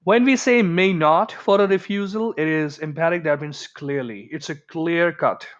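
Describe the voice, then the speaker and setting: A man's voice: fairly high pitch, moderate pace. A man teaching an English grammar lesson in a chatty way, acting out everyday example dialogues. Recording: dull lo-fi recording.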